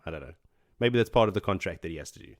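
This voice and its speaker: A man co-hosting a book podcast, recapping chapters in casual chat and acting out characters' lines in quick voices. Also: low voice, animated. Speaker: podcast co-host.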